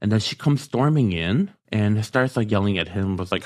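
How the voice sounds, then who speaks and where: A man's voice: fairly low pitch, animated, moderate pace, dry recording, studio quality. A man telling a story as a podcast guest, hesitant and full of "like" fillers. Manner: hesitant, heavy use of "like" fillers. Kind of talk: casual storytelling.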